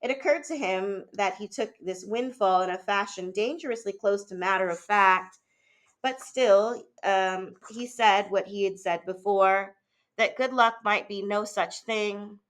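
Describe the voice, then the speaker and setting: A woman with a medium-pitched voice reads a novel aloud as a teacher, keeping a measured, steady pace with a few small fillers and restarts.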